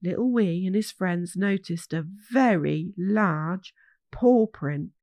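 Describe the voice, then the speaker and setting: A woman reading a children's storybook aloud in a gentle, measured way. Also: lowish voice, no room sound.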